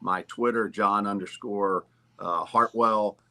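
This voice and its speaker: A man appears as a guest on a sports talk podcast. He speaks in a fairly low, bright, forceful voice, measured and steady with some fillers. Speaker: guest, university athletics official.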